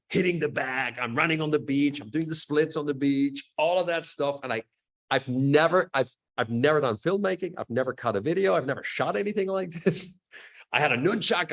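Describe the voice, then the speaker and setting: A man in his fifties, an action actor guest, telling stories in a lively way, acting out sound effects and often laughing as he talks. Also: medium pitch. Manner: animated storyteller acting out quotes and sound effects. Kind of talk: casual storytelling interview.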